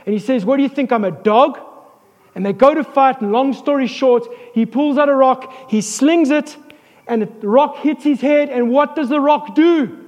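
A pastor preaches an animated sermon, slipping in jokes and calling for amens. His voice sits very high for a man. Long hall reverb carries every line. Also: normal speed, dull audio. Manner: animated, joking asides, calls for amens.

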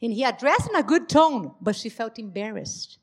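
A woman whose first language is Portuguese, giving a church talk on marriage and acting out dialogue with lively emphasis. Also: fairly high pitch, normal speed, slightly rough. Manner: animated, acts out quoted dialogue. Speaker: marriage ministry speaker.

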